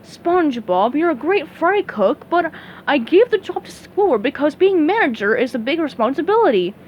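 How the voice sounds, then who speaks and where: Woman reader as gruff, commanding middle-aged crab boss man, blustery. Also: high voice, sing-song, normal speed, highs cut off, a little hiss or hum, pitched above the performer's own voice.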